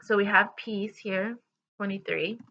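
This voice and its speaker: A woman's voice: mid-range voice, fairly even intonation, unhurried, sharp tone, dull audio. A woman giving a casual tarot love reading to her viewers, talking in a rambling way with fillers and restarts. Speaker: tarot reader.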